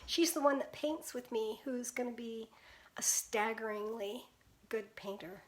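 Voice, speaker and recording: A woman's voice: a little high, a little slow. An older woman from the Pacific Northwest, a painter chatting casually with viewers on her live stream, greeting them by name and laughing often.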